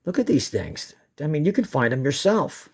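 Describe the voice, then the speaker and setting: A man's voice: on the high side, sing-song, moderate pace, breathy edge. A man casually narrating his own footage in a rambling way with restarts, often breaking into giggles. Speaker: amateur moon filmer. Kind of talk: casual excited commentary.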